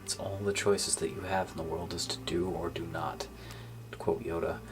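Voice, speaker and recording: Deep-voiced gamer guy doing a casual vlog, kinda down, lots of ums, trails off into whispers. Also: level tone. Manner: subdued and halting, many fillers, drops to near-whisper. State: low-spirited. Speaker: gaming YouTuber. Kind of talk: casual thank-you vlog. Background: faint background music.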